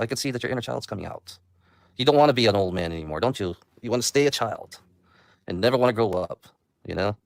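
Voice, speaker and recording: A man's voice: medium pitch, lively intonation, quick pace, creaky, no room sound, clean studio sound. A man hosting his own livestream, talking casually in a meandering way and taunting viewers. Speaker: livestream host.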